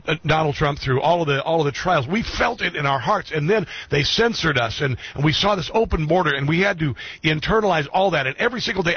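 A middle-aged man talks straight to his radio audience in an earnest monologue, leaning on repeated phrases. His voice sits a little high for a man and has a husky edge. The studio sound is dry and slightly dull. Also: no echo. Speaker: talk radio and streaming show host. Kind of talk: heartfelt monologue to listeners.

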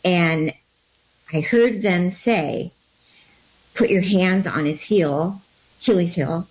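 A woman guest telling a personal story in an interview, animated and acting out what people said. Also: on the low side, slow pace. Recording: dull lo-fi sound.

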